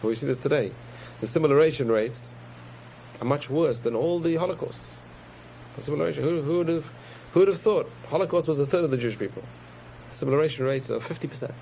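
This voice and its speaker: A man's voice: a little high, fast talker, creaky, dark tone, slight background noise, poor audio. Man teaching a rambling Torah lesson. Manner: digressive storyteller, self-correcting restarts. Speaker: rabbi teaching a class.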